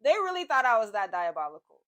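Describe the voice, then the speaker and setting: Young woman, fairly high voice, animated, expressive, dramatic storytelling, casual slang. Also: quick pace. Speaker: vlogger telling a workplace story.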